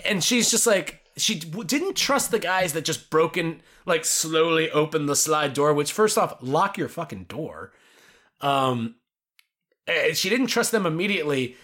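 Bright-voiced rambling man. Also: fairly high pitch, animated, measured pace. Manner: rambling, full of "like" and swearing. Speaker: podcast co-host. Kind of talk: casual movie-review chat.

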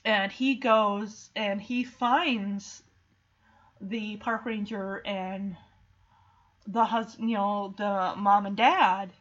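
A woman's voice: mid-range voice, fairly even intonation, very slow, fairly bright tone. A woman casually retelling a movie in a chatty, emotional way with lots of fillers. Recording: dull lo-fi recording.

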